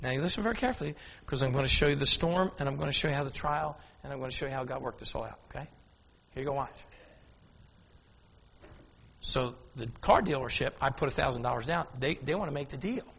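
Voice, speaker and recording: A man preaching a storytelling sermon, animated, calling out to the congregation for an amen and telling them to watch. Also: medium pitch, fast, creaky, breathy edge. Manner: animated, asks the crowd "Amen?", often says "now watch". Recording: long hall reverb.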